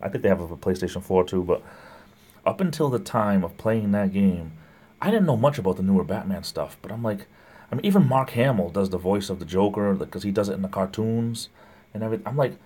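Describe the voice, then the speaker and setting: With a husky, dark voice of fairly low pitch, this man talks fairly quickly and with lively intonation. He's running a relaxed livestream, greeting viewers by name as he reads their comments, rambling and laughing often between remarks.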